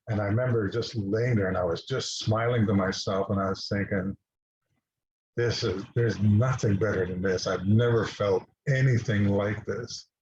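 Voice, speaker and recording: A man speaking as a guest, telling a personal story in a halting way with many restarts and fillers. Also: on the low side, a little mellow, a little hiss or hum. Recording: dull lo-fi recording.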